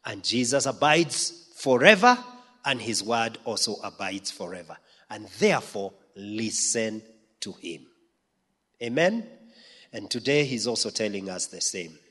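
A man preaching a sermon, emphatic, swinging from loud peaks to quiet asides. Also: mid-range voice, big pitch swings, moderate pace, breathy edge. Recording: long hall reverb.

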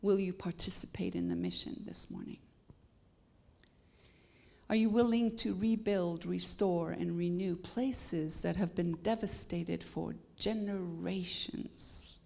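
A woman's voice: fairly low pitch, expressive, slow pace, gravelly, warm tone. A woman from Canada with a Canadian accent, a guest preacher delivering a sermon with emphatic rising peaks and bits of humor.

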